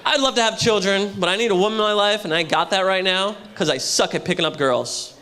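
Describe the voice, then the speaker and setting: A young man doing a brash stand-up comedy set with loud crowd work at a hotel show. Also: sits high, fast. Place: hotel comedy show before a live audience. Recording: live room with audience.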